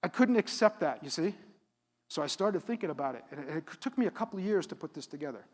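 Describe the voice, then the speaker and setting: A middle-aged man giving a live motivational keynote at a conference, animated and asking the audience questions. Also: fairly high pitch, quick pace. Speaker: keynote speaker. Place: conference hall. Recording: reverberant hall.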